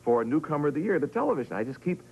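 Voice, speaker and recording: 40s guy from massachusetts on a talk show, jokey self-deprecating stories, kinda high voice, muffled old tv tape. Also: big pitch swings, racing, a little mellow, husky. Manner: joking, self-deprecating storyteller. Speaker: talk show guest, game show host. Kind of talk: chatty talk show anecdotes. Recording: dull old TV broadcast, faint hiss.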